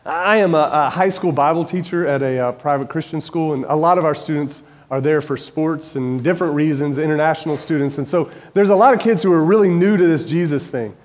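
A man in his forties delivers a conversational sermon in a fairly high voice. He tells stories earnestly and builds to emphatic peaks, and his words ring with the long reverb of a large church hall. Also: fairly quick, few pauses. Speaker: preacher and high school Bible teacher.

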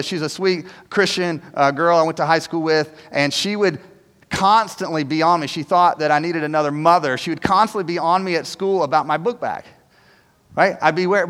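A man preaching a sermon as pastor in a church, conversational and animated, often tossing "right?" to the congregation. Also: on the high side. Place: church sanctuary. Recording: long hall reverb.

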